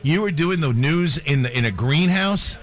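A man's voice: a little high, lively intonation, moderate pace, fairly bright tone. A radio co-host reminiscing in casual on-air chat, laughing easily as he talks.

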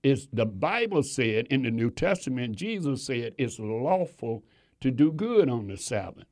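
A man's voice: medium pitch, big pitch swings, measured pace, darkish tone. A man preaching a sermon to his congregation, emphatic and repeating phrases for stress.

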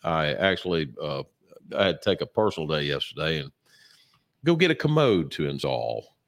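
A man chatting as a co-host, telling stories in a rambling way with lots of fillers and throat clearing, sore and a bit sluggish. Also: rumbling low, big pitch swings, normal speed. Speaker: podcast co-host. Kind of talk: casual chat.

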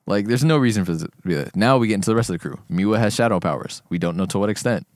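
Fast-talking laid-back young man. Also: on the low side, expressive, darkish tone, dry recording, studio quality. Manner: laid-back, slangy, laughs often. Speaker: podcast co-host. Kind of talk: casual anime discussion.

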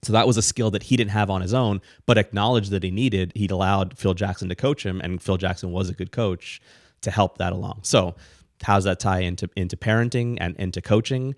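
A middle-aged man co-hosting a casual podcast, explaining ideas in a rambling, animated way with frequent restarts. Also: deep voice, brisk, no room sound, clean studio sound. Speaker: podcast co-host, parent.

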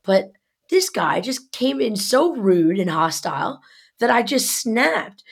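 A woman's voice: on the high side, sing-song, slow, vocal fry, breathy edge. A young woman co-hosting a podcast, telling a story in casual chat with lots of swearing and heat. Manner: profane, heated storytelling. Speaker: podcast co-host.

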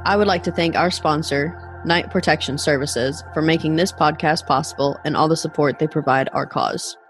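A woman's voice: deep voice, fairly even intonation, normal speed, low-quality recording. Woman hosting, over background music. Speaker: podcast host. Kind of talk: scripted podcast intro. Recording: music bed under the voice.

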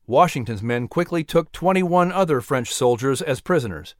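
A man reads a historical story aloud in a measured, dramatic way, like a scripted audio book. His pitch is middle for a man. The recording is dry and close, with no room sound. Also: animated, no echo. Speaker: narrator.

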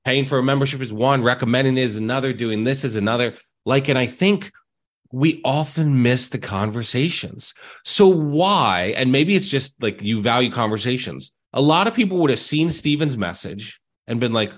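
A man's voice: mid-range voice, animated, normal speed. A man hosting an interview who speaks effusively and heaps praise on his guest. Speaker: interview host. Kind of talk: conversational interview.

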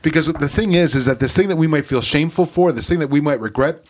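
A man's voice: a little high, fast. A man, a pastor, in casual podcast talk, rambling with many fillers and reading scripture aloud.

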